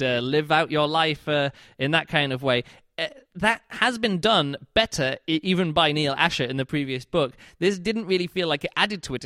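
A man's voice: a little high, pushed and bright, dry recording, studio quality. A man giving a casual spoken book review, chatty and rambling, with many fillers and restarts.

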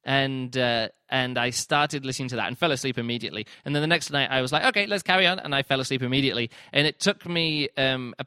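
A man's voice: medium pitch, steady tone, fast, hardly any pauses, pushed and bright, clean tone, no echo, studio quality. A man hosting a podcast, giving a casual spoken book review and acting out his own reactions in quoted asides. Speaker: podcast host reviewing books.

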